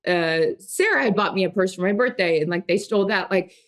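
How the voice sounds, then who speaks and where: Her voice sits fairly low and moves fairly quickly: she's a thirty-something woman co-hosting a casual podcast. Emotional and rambling, she keeps starting her thoughts over.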